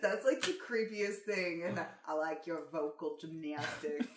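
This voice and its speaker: A giggly, playful woman calling out rolls at a tabletop game. She speaks slowly with a lively, swooping pitch. The room sounds roomy with faint background noise. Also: recorded from a distance. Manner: giggly and playful, lots of laughing. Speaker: player. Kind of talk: casual tabletop game chat.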